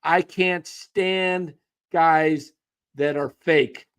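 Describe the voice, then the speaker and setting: A man's voice: fairly high pitch, steady tone, extremely slow, fairly bright tone, clear, resonant tone. A man ranting scornfully about a sports player to his viewers. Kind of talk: casual sports rant.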